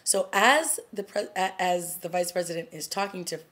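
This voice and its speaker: A woman casually recapping a TV drama episode for her vlog, animated, laughing often and throwing in dramatic asides. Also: lowish voice, normal speed. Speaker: TV review vlogger.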